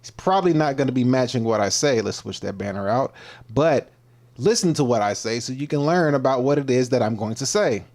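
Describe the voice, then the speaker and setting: A male livestream host who speaks in a loose, slangy, rambling way and keeps tripping over and repeating his words. His voice sits at an ordinary middle pitch for a man, and he slips now and then into a mock-preacher delivery. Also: expressive, a little fast, a little mellow. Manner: slangy, laid-back. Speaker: livestream host and fitness coach. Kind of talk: casual livestream talk.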